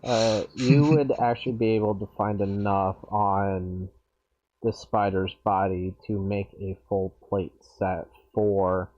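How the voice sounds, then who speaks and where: A man running a tabletop game, giving laid-back rulings at a very unhurried pace. His voice sits low, and the audio is muffled and lo-fi. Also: steady tone, mellow. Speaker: game master. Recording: dull lo-fi audio.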